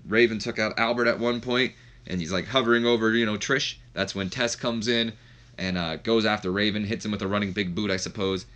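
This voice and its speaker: A man's voice: sits low, fairly bright tone. A man giving casual, rambling commentary on a wrestling management game playthrough. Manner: rambling, filler-heavy.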